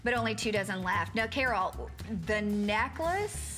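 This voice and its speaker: A woman hosting a shopping channel, chatty and upbeat, pitching jewelry and reading out how many are left. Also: animated, unhurried, fairly bright tone, faint music behind. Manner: upbeat, chatty, reads out stock counts. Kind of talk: live TV sales patter.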